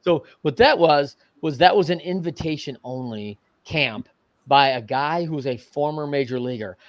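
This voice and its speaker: A middle-aged man telling a story as a podcast guest, animated and casual, often adding "man" and "right". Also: fairly high pitch, moderate pace, no echo, lo-fi sound. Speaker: podcast guest, coach and entrepreneur. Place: podcast studio.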